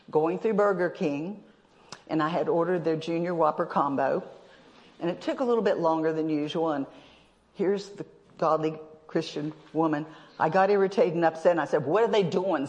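A woman's voice: lowish voice, moderate pace, a little mellow. A woman preaches a sermon, keeping it humorous and chuckling as she talks straight to her congregation. Her voice carries through a church hall with a long, lingering reverb.

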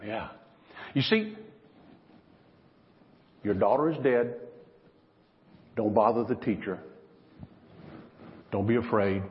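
A man preaching a sermon, swinging between loud, emphatic lines and hushed, drawn-out ones. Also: fairly low pitch. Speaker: pastor. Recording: lo-fi recording in a reverberant hall.

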